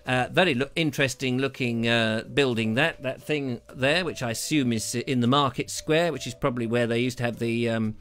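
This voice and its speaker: A man's voice: mid-range voice, moderate pace, few pauses, a bit bright. A British man hosting a live stream, chatting in a jokey, rambling way as he reads out viewer comments on a lavalier mic. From Britain. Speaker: host of a live show.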